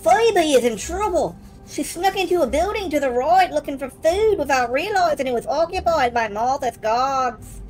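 A woman voicing an indignant young street boy in a video game, loud and pleading. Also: sits high, animated, moderate pace, few pauses, soft background music, pitched above the performer's own voice, low-quality recording.

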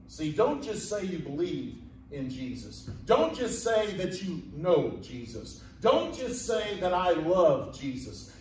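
High-voiced preacher in an echoey church. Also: male voice, very animated, slow, a little mellow. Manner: folksy storytelling, acting out voices in quotes. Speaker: pastor. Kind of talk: sermon. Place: church sanctuary. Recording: echoey church room from a distant mic.

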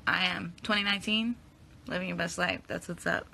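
A young woman, tired yet upbeat, talks casually on a phone livestream and answers viewers' comments. Her voice sits a little low but sounds bright. Faint background noise runs under it. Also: steady tone, fairly quick, vocal fry. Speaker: actress on a livestream.

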